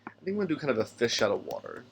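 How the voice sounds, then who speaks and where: A man's voice: mid-range voice, wildly swooping pitch, racing, vocal fry, noisy background. A man hosting a tabletop game podcast, thinking aloud as he builds a character and reads out rulebook passages, sometimes stumbling over names. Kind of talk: casual solo character-building talk.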